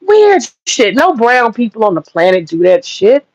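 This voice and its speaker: A woman's voice: medium pitch, expressive, moderate pace, no room sound. Blunt, profane woman ranting on a livestream. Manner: blunt, profane, heated and emphatic. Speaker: livestream host. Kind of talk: livestream rant. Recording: dull lo-fi dry audio.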